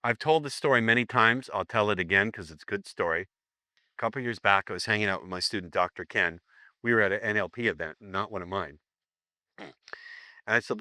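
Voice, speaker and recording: A man's voice: on the low side, a little fast, bright, forceful tone, no room sound. A man teaching a seminar, telling a story in a chatty, playful way and acting out the dialogue. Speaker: seminar instructor. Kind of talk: storytelling to a live seminar audience.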